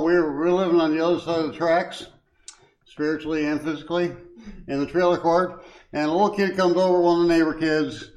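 A man's voice: fairly high pitch, a little mellow, poor audio. An older man giving a short, informal devotion at a Bible study, folksy and chuckling, with many uh's and um's and stronger emphasis when he reads scripture. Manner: folksy, chuckling asides, frequent uh and um. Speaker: lay speaker at a Bible study.

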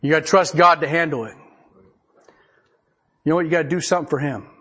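Husky, slightly high-voiced male preacher. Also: quick pace, fairly bright tone. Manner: folksy, chuckles often, reads scripture aloud. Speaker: pastor. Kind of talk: conversational sermon.

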